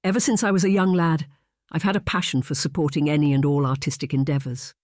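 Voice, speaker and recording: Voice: medium pitch, steady tone, fast, no echo, clean studio sound, lightly acted. An audiobook narrator voicing Lord Tyrrell, a cheerful, overeager young nobleman. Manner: bright and overeager.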